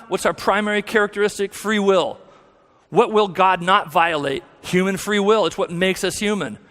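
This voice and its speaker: A man whose voice sits high and sounds a bit bright stands as a guest speaker in a church sanctuary. He gives a candid testimony, laughing at himself and restarting often, and the room rings with long reverb.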